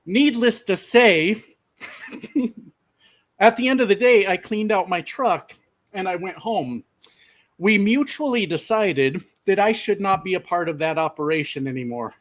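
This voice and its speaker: Profane, fairly high-voiced man telling a story. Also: a little slow. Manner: profane, animated, addresses viewers as "my friends". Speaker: truck driver and channel host. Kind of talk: casual storytelling vlog.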